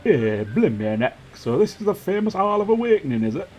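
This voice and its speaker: A chirpy, folksy farmer from a video game, voiced by a man in a slightly raised voice. He talks with bouncy, lively pitch over faint game music. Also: a little fast, dull audio. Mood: cheerful. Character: cheerful common-folk male farmer.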